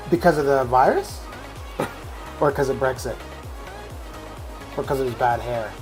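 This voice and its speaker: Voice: mid-range voice, measured pace, poor audio. A game streamer chatting casually with viewers in a live stream, rambling with lots of restarts and fillers, over faint background music.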